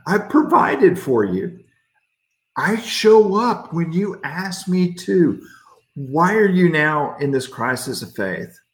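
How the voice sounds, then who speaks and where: A man's voice: fairly high pitch, sing-song, takes it slowly, echoey room, voice pushed up. A man voicing an exasperated God who scolds a prophet and lists everything he has done for him. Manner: incredulous, listing favors.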